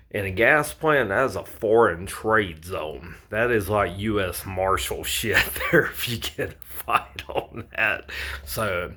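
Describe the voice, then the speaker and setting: A man's voice: on the low side, sharp tone, husky. A man who works as a pipeline welder, telling a story to camera in a blunt, casual way with heavy swearing.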